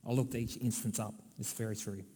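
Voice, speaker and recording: A man's voice: on the low side, fairly even intonation, brisk, warm tone, breathy edge. An Australian man preaching a sermon in a conversational, wry way, with dry asides. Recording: long hall reverb.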